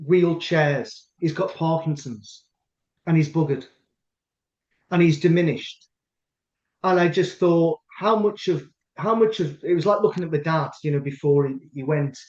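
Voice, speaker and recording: A man's voice: a little high, a little mellow. A middle-aged man with a Scottish accent, host of a casual chat, telling a long rambling anecdote with lots of restarts. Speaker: podcast host. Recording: echoey room, dull lo-fi sound.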